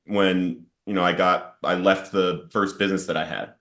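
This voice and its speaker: Man, low voice, earnest, emotional storytelling, podcast guest. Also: steady tone, normal speed, a bit bright. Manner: earnest, storytelling with rising intensity in quoted outbursts. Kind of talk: emotional personal testimony.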